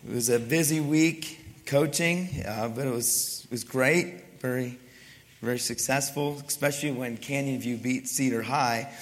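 Hoarse pastor with a raspy voice. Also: male voice, mid-range voice, a little slow. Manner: chatty and self-deprecating, then hushed in prayer. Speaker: wrestling coach. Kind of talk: sermon. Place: church sanctuary. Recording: long hall reverb.

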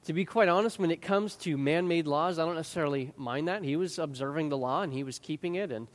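A man with a notably high voice preaches an expository sermon as pastor. He is earnest and emphatic, doubling words as he restarts a thought. His voice rings with the long reverb of a large church sanctuary. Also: quick pace.

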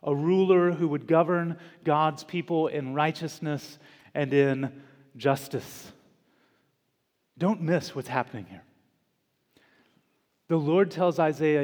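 A male pastor delivers a sermon at a very unhurried pace, letting each phrase settle before the next. His voice sits a little high for a man and rises with emphatic repetition. The church sanctuary adds a long, lingering reverb. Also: a little mellow. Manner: slow, deliberate preaching with dramatic pauses and emphatic repetition.

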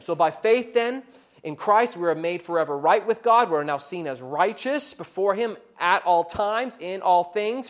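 A male pastor preaching an earnest sermon, his voice rising loud in accusing passages and dropping low and soft in reflective ones.

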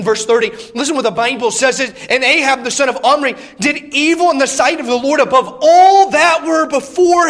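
High-voiced man preaching an animated sermon. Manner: animated storytelling, acts out biblical characters.

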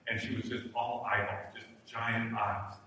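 A man's voice: lowish voice, level tone, a little slow, bright, forceful tone, a little hiss or hum. A man preaching a sermon in a conversational, humorous way. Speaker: pastor. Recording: echoey hall from far off.

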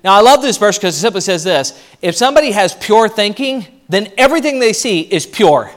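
A male pastor with a noticeably high-pitched voice delivers a sermon with lots of energy. He keeps acting out the voices of the people he describes. The delivery is conversational and lively. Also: a little fast. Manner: animated, acts out quoted voices.

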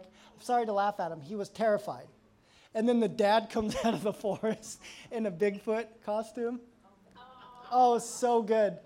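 A man preaching from the pulpit, talking to the congregation as if chatting with friends. He tells anecdotes with energy and acts out the lines of the people in them. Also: sits high. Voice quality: conversational, animated storyteller acting out quotes. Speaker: pastor. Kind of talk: sermon.

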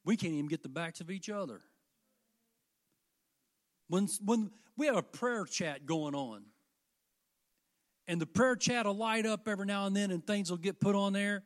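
High-voiced preacher man, loud to hushed. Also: lively intonation. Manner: reads scripture in slow, drawn-out emphasis. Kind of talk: sermon.

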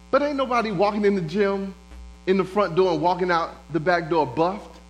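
A man's voice: high-pitched, moderate pace, poor audio. A man preaching a sermon, building rhythm through repeated phrases and speaking God's words in quotes. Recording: faint mains hum.

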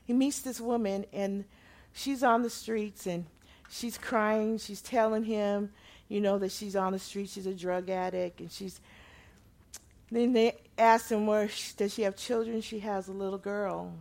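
A woman preaching a sermon, moving from loud proclaiming to quiet storytelling. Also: mid-range voice, fairly even intonation, measured pace.

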